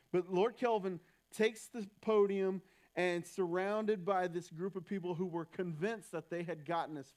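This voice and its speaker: A man's voice: fairly high pitch, a little mellow. A young man preaching a sermon in a church, talking in a loose, conversational way with frequent restarts. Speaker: pastor.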